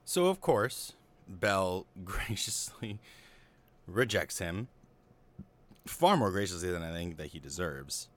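A man's voice: low voice, big pitch swings, takes it slowly, pauses often, a bit bright. A young man casually recapping and analyzing a film, rambling with lots of fillers and offhand paraphrases of the characters. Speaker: film commentator.

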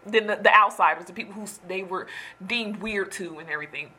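Breathy, emphatic woman venting. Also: medium pitch, fast. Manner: animated, emphatic, preachy. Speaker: storyteller venting to viewers. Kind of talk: casual chat.

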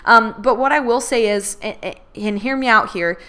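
A woman's voice: fairly high pitch, moderate pace, a bit bright, smooth. Candid, chatty woman host. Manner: candid, chatty, swears freely, many likes. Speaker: podcast host. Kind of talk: casual chat.

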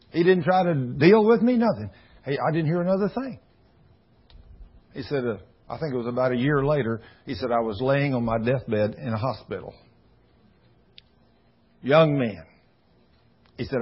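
A man's voice: a little high, expressive, moderate pace, pauses often, husky, dull audio. A man preaching a folksy sermon, telling stories and acting out the dialogue in shifting voices. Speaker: pastor.

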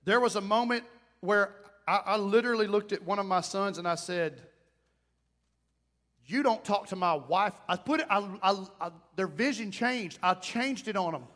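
A middle-aged male pastor preaching an emphatic, folksy sermon, swinging between loud calls and quiet asides. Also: high voice, moderate pace. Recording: long hall reverb.

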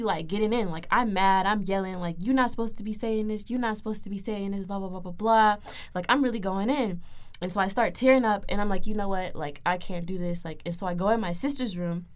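A young woman co-hosting a casual podcast, telling a family story with lots of laughter and acted-out quotes. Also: mid-range voice. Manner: animated, acts out quoted voices, laughs often. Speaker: podcast co-host.

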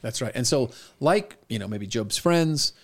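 A man who is a pastor, telling a story in a casual podcast chat and acting out quoted lines with lively energy. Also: medium pitch, a little slow, creaky.

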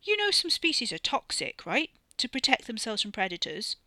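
A woman's voice: mid-range voice, a little fast, bright, forceful tone, dry recording, close to an everyday voice. Woman voicing a snappy young man. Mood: exasperated. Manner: swearing, snappy and teasing. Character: irritable young British man, blunt and sarcastic.

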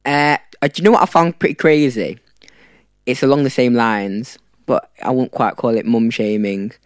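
A man's voice: mid-range voice, normal speed, clean tone, dry recording, clean studio sound. A young man in his twenties as a podcast guest, talking informally with many hesitations and restarts. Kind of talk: casual chat.

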